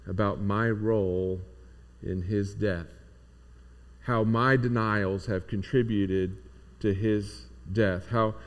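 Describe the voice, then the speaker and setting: Male pastor, unhurried and low-pitched, earnest reflective sermon delivery.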